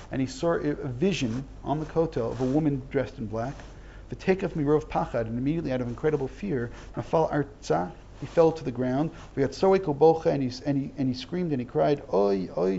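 His voice sits on the high side, gravelly but warm, as the middle-aged man leads a text study, reading Hebrew aloud and translating each line. He explains things earnestly and keeps restarting his sentences. The audio is dull and lo-fi with a little hiss or hum.

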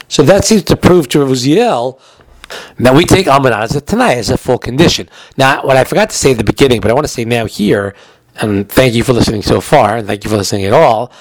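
A man's voice: mid-range voice, lively intonation, quick pace, no echo. A man giving a recorded halacha lesson in a chatty way, explaining with everyday examples, and he has the hiccups. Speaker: Torah teacher.

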